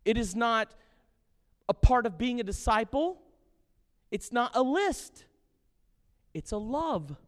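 A pastor preaching a sermon with passion and jokes, animated and lively in his delivery. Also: high-pitched. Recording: long reverb of a hall.

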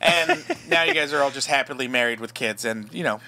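A man's voice: medium pitch, a little fast, sharp tone. A man telling rambling, self-mocking stories on a podcast, swearing constantly. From Los Angeles area. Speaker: podcast host. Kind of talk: casual storytelling chat.

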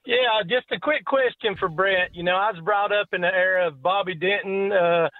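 A man's voice: sits high, normal speed, dry recording. A man calling in to a sports radio show, polite and nostalgic as he asks his question. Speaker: caller. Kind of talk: call-in question. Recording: tinny phone line.

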